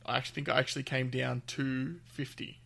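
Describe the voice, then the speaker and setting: A man's voice: medium pitch, level tone, brisk, creaky, bright, forceful tone. A man co-hosting a gaming podcast, chatting in an easygoing way and chuckling often. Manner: easygoing, chuckles often, trails off mid-thought. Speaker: podcast co-host. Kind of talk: casual chat.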